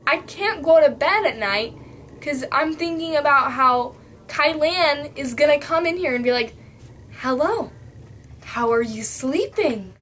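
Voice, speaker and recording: A woman's voice: sits high, a little slow, bright, forceful tone, a little hiss or hum. A young woman ranting to camera in a casual vlog, chatty and full of fillers, recorded on a cheap camera mic. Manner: chatty, lots of fillers, jumps into quoted voices. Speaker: vlogger.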